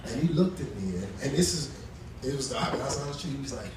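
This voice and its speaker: A man's voice: mid-range voice, lively intonation, quick pace, darkish tone. Man telling stand-up stories in an echoey club. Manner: loose and chatty, with restarts and fillers. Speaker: stand-up comedian. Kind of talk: live stand-up storytelling. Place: small club stage, live audience. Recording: echoey club sound from a distant mic, noisy.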